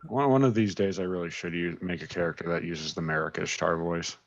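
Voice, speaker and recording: A man's voice: low-pitched, steady tone, brisk, no echo, dull audio. A man chatting as a player at a tabletop game, hesitant and restarting his sentences. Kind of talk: casual chat at a game table.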